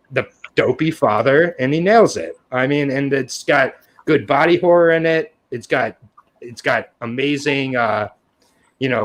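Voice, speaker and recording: A man in his thirties hosting a casual film chat, rambling with fillers, joking and swearing freely. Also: mid-range voice. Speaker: podcast host.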